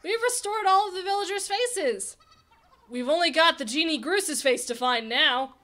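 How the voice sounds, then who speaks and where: A young woman giving casual, excitable game commentary and chatting to the characters on screen. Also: extremely high pitch, moderate pace. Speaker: let's play host.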